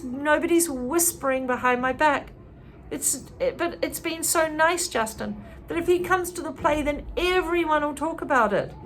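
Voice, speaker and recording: A woman voicing an upset teenage girl who sounds defensive and tearful and talks in quick, pleading bursts. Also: sits high, a little hiss or hum, voice pushed up, lightly acted.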